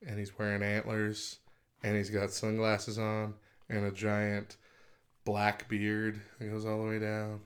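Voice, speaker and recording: A man's voice: on the low side, completely flat delivery, unhurried, clean tone. A man co-hosting a casual podcast chat, laughing often and reading passages aloud. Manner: chatty, laughs often, reads quotes aloud. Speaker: podcast co-host.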